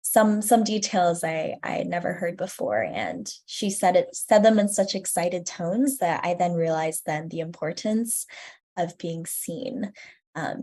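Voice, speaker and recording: Soft-trailing young woman in an interview. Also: on the low side. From United States. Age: 20s. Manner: earnest, reflective, frequent ums, trailing softly. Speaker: guest, student curator. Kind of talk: interview answers.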